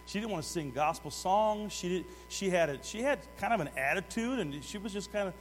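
A middle-aged man preaching a sermon, swinging between loud urgent exhortation and hushed asides while putting direct questions to the congregation. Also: high voice, expressive, brisk. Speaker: pastor. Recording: long hall reverb with mains hum.

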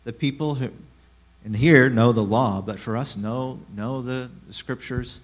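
A man preaching a sermon who asks the listeners rhetorical questions, drops in sarcastic asides and swings between hushed and loud delivery. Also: mid-range voice, measured pace. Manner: rhetorical questions, lively shifts in loudness.

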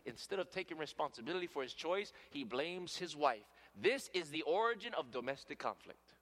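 A man preaches a sermon in a large hall, his voice bright and forceful. He pitches his voice on the higher side for a man and lets long reverb trail each phrase. He swings from loud emphatic peaks down to hushed, near-whispered lines, and he keeps addressing the listeners as friends. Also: lively intonation, a little fast, hardly any pauses.

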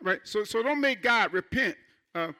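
Bright high-voiced male preacher. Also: expressive, normal speed. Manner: fervent preaching with call-and-response. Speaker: pastor. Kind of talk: sermon. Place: church.

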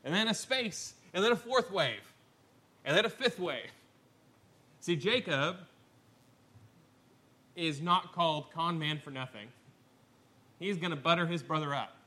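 Bright-voiced, animated male preacher. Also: unhurried, long pauses. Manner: animated storytelling, acting out the scripture voices with wide pitch swings. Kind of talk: sermon.

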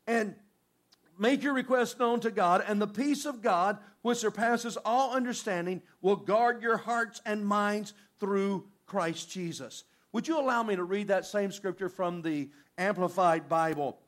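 A man preaching a sermon, reading scripture and acting out prayers in an animated, conversational way. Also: sits high, unhurried. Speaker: pastor.

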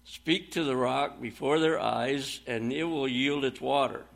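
Gravelly-voiced man preaching a sermon. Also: mid-range voice, unhurried.

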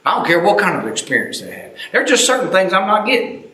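A man preaching a fervent sermon, swinging between loud and soft and repeating his phrases. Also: high-pitched, sing-song, fast, a little hiss or hum. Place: church sanctuary. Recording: roomy echo.

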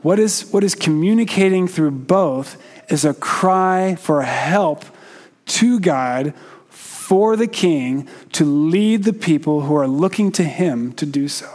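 A man preaching a sermon in a slow, measured way with frequent pauses, sometimes putting questions to the congregation. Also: on the high side, lively intonation, darkish tone.

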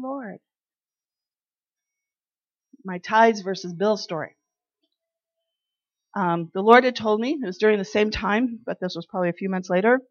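A woman sharing personal faith testimonies in an animated way, acting out the dialogue in her stories. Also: medium pitch, dry recording. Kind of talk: personal devotional storytelling. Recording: dry, slightly dull lo-fi sound.

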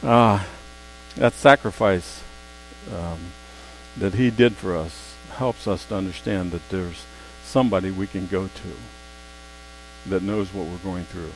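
Guy preaching a sermon, goes hushed then loud, faint hum under it. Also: sits low, fairly even intonation, rough recording. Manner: swings from soft, slow asides to loud emphatic exclamations.

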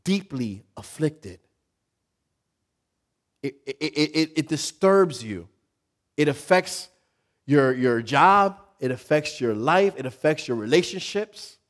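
Animated man preaching a sermon. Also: takes it slowly, pauses often. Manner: animated, acts out inner voices, jumps to loud high pitch; repeats words and restarts, laughs with the congregation. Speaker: pastor.

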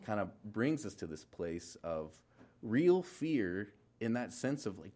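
A young adult man preaching a relaxed, conversational sermon, full of fillers, restarts and asides. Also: fairly low pitch, slow pace. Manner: informal, filler-heavy, many restarts and trailing asides. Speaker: pastor.

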